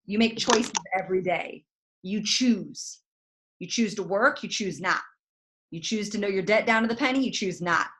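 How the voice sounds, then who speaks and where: A woman, talking in a folksy, direct and animated way as she gives motivational advice. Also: mid-range voice, normal speed, slight background noise. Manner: folksy, direct, animated, says "y'all" a lot. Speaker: guest network marketing leader. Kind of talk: motivational talk.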